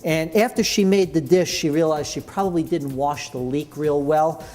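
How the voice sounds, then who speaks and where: A man's voice: a little high, moderate pace, a little mellow, a little hiss or hum. A man hosting a cooking show, chatting enthusiastically as he explains each step. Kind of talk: cooking demonstration.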